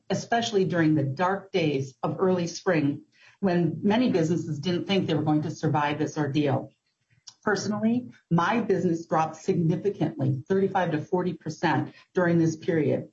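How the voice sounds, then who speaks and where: A woman giving formal testimony to a committee as a business owner, speaking in an earnest, measured way with occasional ums. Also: sits low, darkish tone. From Minnesota. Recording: muffled lo-fi hearing audio.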